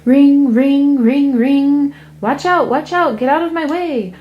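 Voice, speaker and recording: A woman reading a picture book aloud, voicing an impatient male horse-taxi driver who shouts brusquely. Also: high voice, slow pace, highs cut off, voice pushed up.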